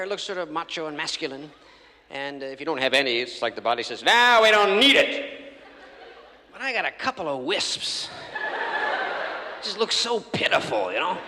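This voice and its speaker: Animated male stand-up comic in a theatre. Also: fairly high pitch, quick pace. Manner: rambling storytelling, acting out scenes. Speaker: stand-up comedian. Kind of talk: live stand-up routine. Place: large theatre stage before an audience. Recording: reverberant live theatre recording from 1984.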